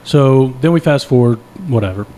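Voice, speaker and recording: On a podcast, a young co-host with a mid-range voice keeps a moderate pace while recounting a sprawling, profane story. He's animated and relaxed, often laughing and making fun of himself along the way.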